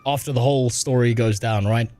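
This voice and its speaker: A man's voice: medium pitch, fairly even intonation, fairly quick, a little mellow, faint music behind. A man doing crude, joking casual gameplay commentary as a streamer.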